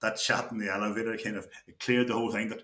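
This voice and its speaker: A middle-aged man tells old stories in a casual podcast chat. His voice sounds bright and forceful, and it carries a roomy echo. He often halts and restarts his sentences and laughs as he goes. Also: on the low side, little pitch movement. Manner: halting, frequent restarts, laughs while telling stories. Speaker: podcast guest, former player. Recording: echoey room.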